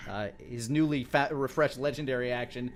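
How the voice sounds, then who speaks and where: A man running a tabletop role-playing game as dungeon master, narrating scenes in a relaxed, descriptive way with playful sound-effect noises. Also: mid-range voice, normal speed, slight background noise.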